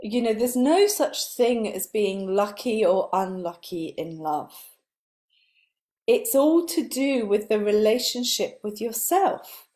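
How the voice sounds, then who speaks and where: A woman spiritual coach giving a live motivational talk, earnest, building her points in repeated lists and letting her voice sink soft and breathy on key words. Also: medium pitch, animated, slow.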